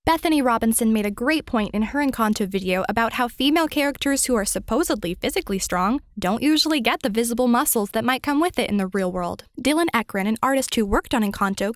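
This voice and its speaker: A woman with a fairly high voice reads a video-essay segment, chatty and emphatic, tossing in little asides. The recording is dry and close. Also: no echo. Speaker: guest contributor. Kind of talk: scripted narration.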